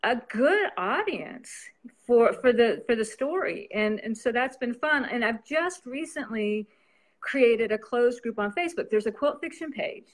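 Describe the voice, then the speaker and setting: A woman's voice: a little high, expressive, a little slow. A woman novelist chatting casually as an interview guest, rambling and laughing often.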